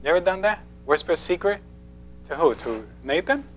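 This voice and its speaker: A man's voice: high voice, expressive, a little fast, over music. A man giving a conversational sermon in a church, playful, asking the congregation questions and laughing often. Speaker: preacher. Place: church sanctuary.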